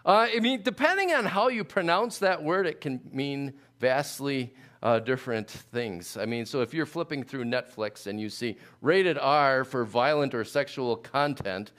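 A man preaching a sermon in a conversational, halting way, with many fillers and restarts. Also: medium pitch, animated, a bit bright. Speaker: pastor.

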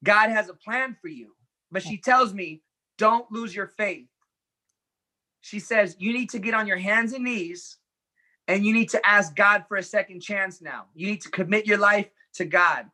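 A man's voice: sits high, a little slow, sharp tone. A man telling his life story as an interview guest, earnestly and animatedly, acting out the dialogue as he recounts it. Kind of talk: personal storytelling in conversation.

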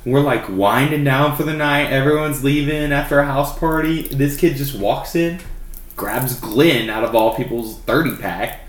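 A man's voice: medium pitch, moderate pace. Laid-back young guy in an echoey room. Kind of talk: casual chat.

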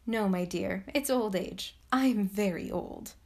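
Ancient gentle grandmother in a storybook, calm and knowing, slow delivery; voiced by a woman reader. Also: medium pitch, creaky. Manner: calm, knowing, softly amused. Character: mysterious very old gentle grandmother. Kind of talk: storybook reading.

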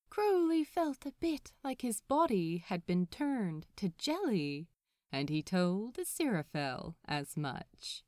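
Woman reader, slow and very melodic, close and dry sound. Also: fairly high pitch, dry recording. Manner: slow, soft, expressive storytelling. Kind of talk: fan fiction reading.

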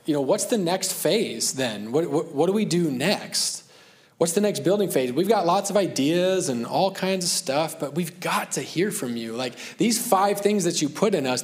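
Earnest conversational male pastor. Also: on the high side. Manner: conversational, earnest, with self-deprecating asides. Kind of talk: sermon.

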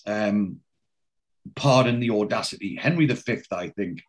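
A man voicing a pompous middle-aged man who acts high and mighty and quotes Shakespeare. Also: lively intonation, measured pace. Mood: lofty.

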